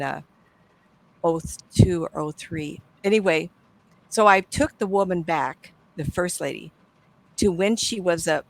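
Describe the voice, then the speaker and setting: An older woman, a psychic medium, telling stories in a casual interview, animated and acting out the people she quotes, often trailing off and starting over. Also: on the low side, low-quality recording. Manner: animated, acts out quoted voices, trails off and restarts.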